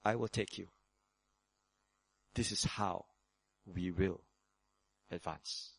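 A man preaching a sermon as pastor, acting out prayers in quick shifts of voice. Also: creaky. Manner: lively preaching, acts out prayers in sudden higher voices.

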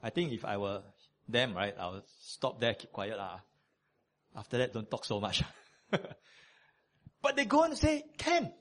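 A man preaching a sermon, conversational and animated, with many fillers. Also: fairly low pitch, normal speed, pauses often.

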